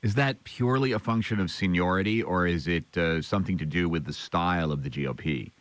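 Very deep-voiced male radio host. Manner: brisk interviewer questions. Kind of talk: radio news interview.

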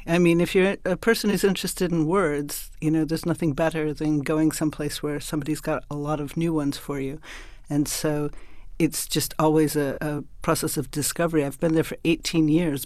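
A man's voice: fairly high pitch, a little mellow, no room sound, studio quality. A man answering interview questions thoughtfully, explaining with frequent restarts and asides. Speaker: linguist guest.

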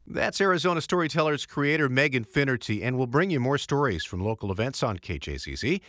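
A man, a radio host, giving a scripted station outro in smooth broadcast style. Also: mid-range voice, big pitch swings, brisk, a bit bright, no echo, studio quality.

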